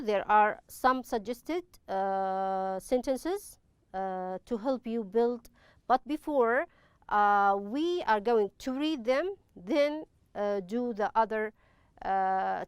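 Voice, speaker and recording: Woman teacher, unhurried and smooth, dry close sound. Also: mid-range voice, no echo. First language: Arabic. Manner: patient, step-by-step explaining with frequent pauses. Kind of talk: online classroom lesson.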